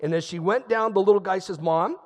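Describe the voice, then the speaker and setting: High-voiced male pastor in a reverberant hall. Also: quick pace, darkish tone. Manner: conversational storytelling, emphatic repetition. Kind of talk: sermon.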